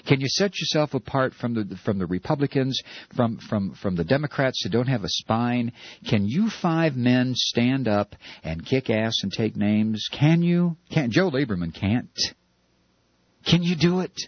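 A man's voice: medium pitch, lively intonation, moderate pace, husky, dry recording, dull audio. A man hosting a talk radio show, delivering a heated, sarcastic opinion monologue.

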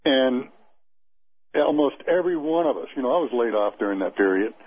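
A male radio caller from Nevada, talking in an earnest, conversational way. His voice is husky and comes through a thin, phone-like line. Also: mid-range voice, lively intonation, a little fast.

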